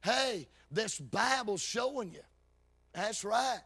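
A man preaching a fervent sermon, his lines rising into half-sung, shouted peaks. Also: sits high, animated, slow, gravelly, breathy edge.

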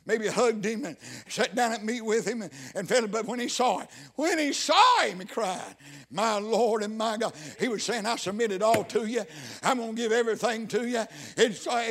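A man preaching a fiery sermon, swinging from loud cries down to low, hushed tones.

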